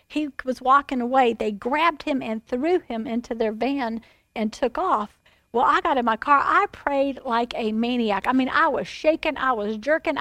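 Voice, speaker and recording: A middle-aged woman pastor telling a personal testimony in a sermon, animated and full of fillers. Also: high-pitched, no echo.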